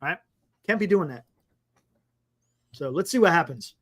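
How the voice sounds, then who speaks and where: A man's voice: a little high, lively intonation, unhurried, a bit bright. A man co-hosting a casual sports talk show, chatting and reading out viewer comments, often repeating himself.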